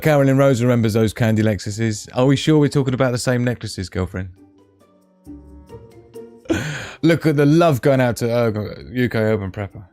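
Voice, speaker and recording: A man's voice: fairly low pitch, darkish tone. Jokey British man hosting a live stream. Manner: jokey, laughs often, chatty asides to the chat. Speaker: livestream host. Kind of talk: casual live-stream chat reading comments.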